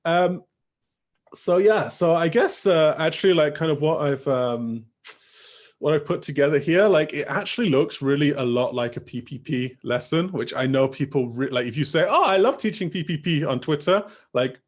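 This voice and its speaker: A man's voice: fairly high pitch, normal speed. A young man giving a teacher-training talk over a video call, casual and rambling with many fillers. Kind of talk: online workshop talk.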